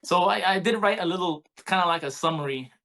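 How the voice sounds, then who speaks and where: A man in his forties, co-hosting a podcast, telling a story in a casual, animated way with many restarts. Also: high voice, a little fast. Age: 40s. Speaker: podcast co-host. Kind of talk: casual chat.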